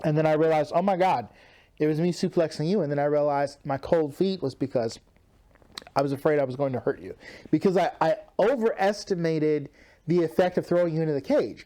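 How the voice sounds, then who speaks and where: A man's voice: on the high side, a little fast, a little mellow. A man giving casual commentary on an old match, rambling and restarting, laughing easily. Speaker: wrestling partner.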